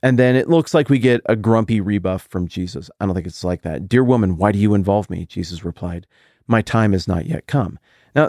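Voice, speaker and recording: A middle-aged man hosting a Bible podcast, teaching in a casual, animated way with jokey asides and sudden high jumps when he quotes people. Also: no room sound, studio quality. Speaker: podcast host.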